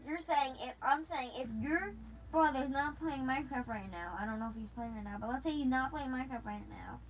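A young woman with a high voice chats casually with a friend over a game, rambling and restarting her sentences as she goes. Her tone is playful and teasing. A faint hum of room ambience sits behind her. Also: poor audio. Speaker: gamer. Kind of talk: casual chat while gaming.

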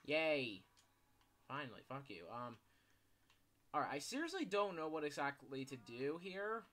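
A man's voice: on the high side, big pitch swings, a little slow, pushed and bright. A young man commentating his gameplay, swearing a lot and breaking into panicky outbursts between mutters. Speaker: gaming YouTuber.

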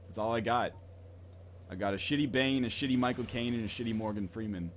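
A man co-hosting a casual podcast chat, jokey and quick to try silly impressions. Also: medium pitch, a little hiss or hum. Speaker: podcast co-host.

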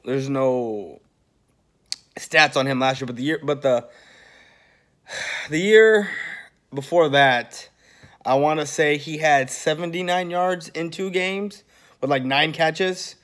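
A man's voice: on the high side, a bit bright. A man ranting as a sports fan vlogger, heated and sarcastic, swearing often. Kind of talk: profane fan rant.

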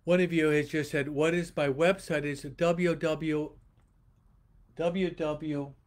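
A priest giving a homily to an online audience, slowly repeating rhetorical questions and often pausing and restarting mid-sentence. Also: male voice, a little high, steady tone. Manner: slow, repetitive preaching with rhetorical questions; pauses and restarts often, speaking to online viewers. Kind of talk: livestreamed homily.

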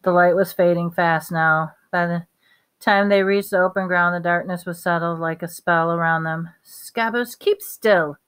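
A woman reading a novel aloud at a steady pace, with small slips and restarts. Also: on the low side, moderate pace, clean tone. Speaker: reader.

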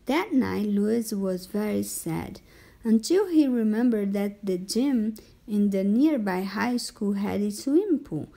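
A woman reading a children's picture book aloud in a measured storytelling way. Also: mid-range voice, animated, vocal fry, dark tone. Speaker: narrator.

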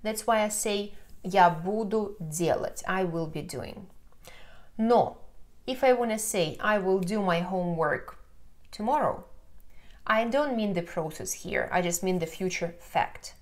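A woman's voice: medium pitch, measured pace. A woman with a Russian accent, a native Russian speaker, explaining grammar patiently in an online lesson and often checking in with the learner. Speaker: language teacher.

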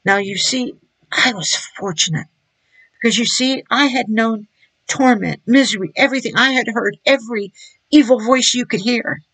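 Gravelly-voiced woman giving earnest testimony. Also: a little high, moderate pace, a bit bright, no room sound, low-quality recording. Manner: earnest, emphatic storytelling. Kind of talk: spoken personal testimony.

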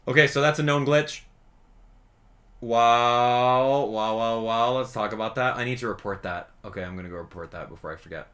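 A man's voice: mid-range voice, fairly bright tone. A young man streaming a video game, teasing his chat and commenting casually as he plays. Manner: joking, teasing chat, quick mood swings. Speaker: gaming streamer.

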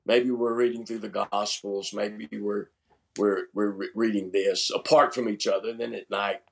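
A man's voice: on the low side, moderate pace, creaky. A man in his seventies, a pastor and seminary chancellor, talking animatedly in an interview and stressing words as he tells stories. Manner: animated, emphatic storyteller who repeats words. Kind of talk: conversational interview.

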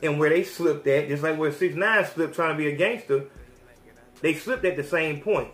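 A male podcast host on an animated, slangy rant full of swearing. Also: a little high, normal speed. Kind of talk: profane rant. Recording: roomy echo.

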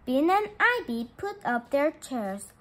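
A woman reads a children's story aloud, her high voice bouncing up and down with lots of expression. She takes it slowly and carefully, with a bright, clear tone. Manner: lively, expressive read-aloud with small slips. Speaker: storybook reader. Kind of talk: reading a children's chapter book aloud.

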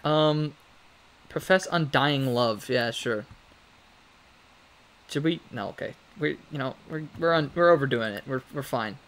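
Medium in pitch and a bit bright, this man comments on his gameplay at a measured pace with frequent pauses. As a let's play gamer, he's casual and chatty, addressing the characters on screen and laughing a lot.

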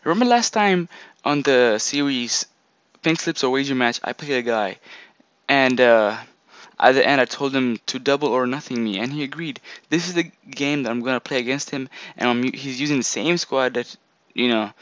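A young man commentating his own football video game match as he plays, grumbling in frustration and breaking into loud excitement. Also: medium pitch, normal speed, clean tone, dry recording, dull audio. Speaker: gaming YouTuber. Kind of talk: live gameplay commentary.

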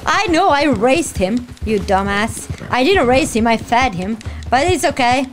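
A woman hosting a let's-play video, giving excitable, playful reaction commentary and teasing the game characters. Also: a little high, unhurried, faint music behind. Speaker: gaming video host.

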